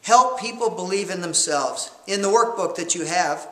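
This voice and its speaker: Male course coach, motivational lecture, high bright voice, roomy echo. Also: moderate pace. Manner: animated storyteller who acts out scenes.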